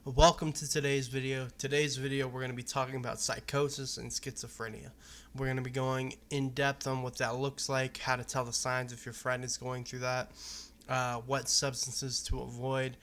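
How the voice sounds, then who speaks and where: Speaking directly to the camera, a young Arizona man rambles through a casual personal vlog, swearing freely and staying candid and loose. His bright, edgy voice holds a flat, steady pitch with little variation, and a faint hiss or hum sits under the recording.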